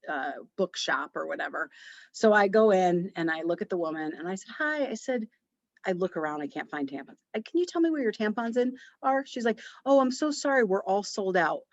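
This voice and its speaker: A woman with a fairly low voice hosts her podcast and tells a story in a chatty, lively way, slipping into little acted bits of dialogue. The recording is dry and a little dull, with no room sound around her. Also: no room sound. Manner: chatty and animated, with quoted dialogue and laughs. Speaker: podcast host. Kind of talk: casual storytelling monologue.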